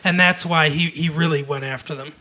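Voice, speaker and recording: A man co-hosting a casual podcast chat, retelling a TV episode in an animated way, acting out quoted lines and laughing often. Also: on the high side, brisk. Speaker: podcast co-host.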